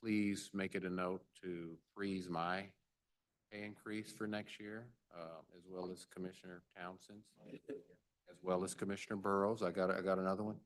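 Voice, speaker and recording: Mayor type, very low voice, halting delivery, chairs a city meeting with playful banter. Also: male voice, little pitch movement. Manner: halting, jokey auctioneer banter. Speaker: mayor presiding over a budget meeting. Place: government meeting chamber.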